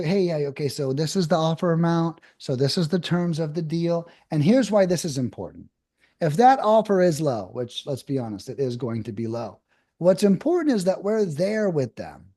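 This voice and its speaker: A man's voice: a little high, dark tone. A man, a podcast guest and land investing coach, explaining his method and acting out friendly phone scripts.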